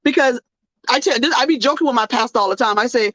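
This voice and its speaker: Quick-paced and fairly high-pitched, this woman hosts her own talk show, delivering an animated, joking monologue that sounds like a sermon. The sound is lo-fi, dull and dry, with no echo.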